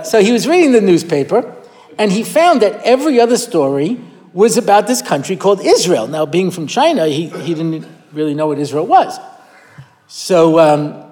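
A man's voice: sits high, darkish tone. A man giving a Torah class who tells stories and acts out quoted voices, often restarting his phrases, recorded in a hall with a live audience. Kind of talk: Torah lecture with storytelling. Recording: long hall reverb.

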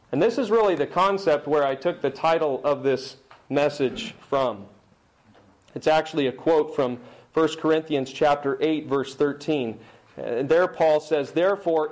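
A middle-aged man delivers a sermon as a pastor, his voice sitting a little high for a man. He speaks emphatically and slows down whenever he reads scripture aloud. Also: darkish tone, rough recording.

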